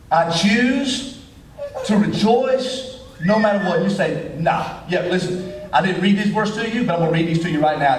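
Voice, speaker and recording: Folksy preacher in an echoey church hall. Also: male voice, a little high, distant mic, a little hiss or hum. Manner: folksy, animated preaching with dialect. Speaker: pastor. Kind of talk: sermon. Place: church sanctuary.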